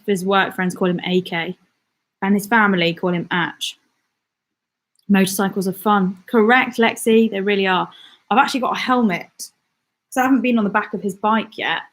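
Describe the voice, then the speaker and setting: A chatty woman from the Midlands, hosting a casual live-stream. She rambles along with plenty of fillers and little laughs, reading out viewer comments and answering them as she goes. Her voice sits at an ordinary middle pitch. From England, the Midlands. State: out of breath. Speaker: channel host.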